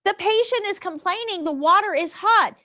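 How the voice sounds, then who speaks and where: A middle-aged woman teaching a live nursing class, telling stories in an emphatic, lively way. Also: very high-pitched, normal speed, no room sound, studio quality. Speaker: nursing instructor.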